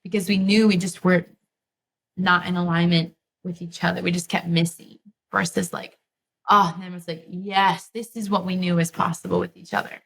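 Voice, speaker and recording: A woman's voice: fairly low pitch, little pitch movement, moderate pace, vocal fry, a bit bright, breathy edge. A woman guest on a podcast, talking candidly and reflectively about her relationship, with frequent "like" fillers.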